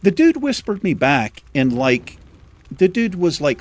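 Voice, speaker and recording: A man's voice: sits high, very animated, normal speed. A young man casually commenting on his game and rambling through a story, swearing freely as he talks. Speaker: gaming streamer.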